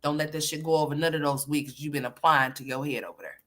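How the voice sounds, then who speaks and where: A woman's voice: deep voice, steady tone, fast. A woman hosting casual reaction commentary, blunt, sassy and profane as she talks back at a clip. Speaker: commentary host.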